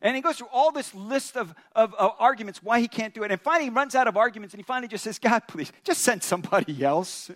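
A male pastor preaching a sermon, retelling a story in an animated way with chuckles. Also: extremely high pitch, rapid-fire, hardly any pauses.

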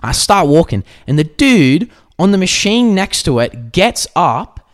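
A man's voice: fairly high pitch, measured pace. A man with an Australian accent co-hosting a podcast, telling stories animatedly with plenty of swearing. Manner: animated storyteller, swears freely. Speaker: podcast co-host. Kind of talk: casual podcast chat.

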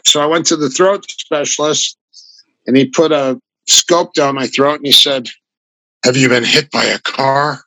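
An older man talks with a gravelly, forceful voice, spinning long, animated stories about his fighting past. His tone is bright and pushed, and the recording sounds dry and close with little room. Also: medium pitch, unhurried, no room sound, low-quality recording. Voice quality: gravelly voice from a flattened throat. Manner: rambling, animated anecdotes with restarts. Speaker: guest, grappling fighter and coach. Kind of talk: casual storytelling in an interview.

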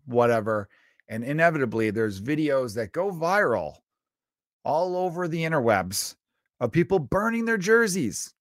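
A young adult man from Chicago, a comedian talking casually in a profane, rambling solo monologue with big swings in loudness. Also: medium pitch, no room sound, clean studio sound. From Chicago area. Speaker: comedian and podcast host.

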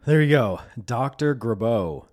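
A man's voice: mid-range voice, animated, a little slow, a little mellow. A man hosting his own podcast, talking alone in a rambling, loose way, swearing and laughing often. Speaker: podcast host. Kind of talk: casual solo podcast monologue.

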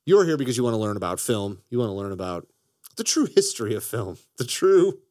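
A man hosting a comedy podcast, joking around and now and then slipping into a gruff put-on accent. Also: lowish voice, sing-song, fast talker, a little mellow, no room sound, studio quality. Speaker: podcast host. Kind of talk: comedic casual chat.

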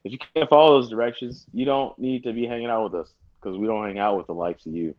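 A man's voice: mid-range voice, fast, muffled recording. A man co-hosting a podcast, joking and teasing while loosely plugging the show. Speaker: podcast co-host. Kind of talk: casual roundtable chat.

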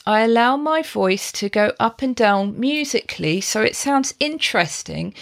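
A woman from the UK, a podcast host and performance coach, giving upbeat voice-coaching tips, laughing lightly and demonstrating pitch patterns as she talks.

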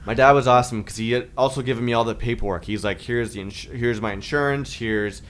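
Smooth-voiced man telling a rambling story. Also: mid-range voice, fast. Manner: rambling, animated when quoting others. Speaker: podcast co-host. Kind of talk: casual storytelling chat.

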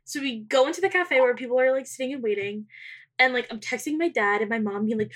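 A woman's voice: on the high side, fast, a bit bright. A young woman co-hosting a podcast, animatedly telling a dating story, acting out the quotes, swearing and laughing often. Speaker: podcast co-host. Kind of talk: casual storytelling chat.

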